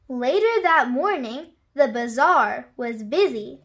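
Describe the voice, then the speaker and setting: A woman reading a children's picture book aloud, with clear, expressive storytelling. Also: high-pitched, slow pace, few pauses.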